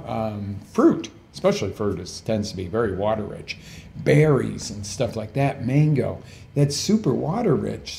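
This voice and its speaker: A man's voice: on the low side, dark tone, a little hiss or hum. A man hosting a live health coaching show, chatty, peppering the viewers with questions and correcting himself as he goes. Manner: chatty, asks the audience many questions, self-corrects. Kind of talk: casual live-stream talk.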